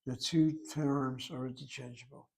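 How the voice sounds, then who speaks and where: A man teaching Hebrew in a relaxed lecture, explaining terms patiently and asking rhetorical questions along the way. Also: mid-range voice, normal speed, vocal fry, breathy edge.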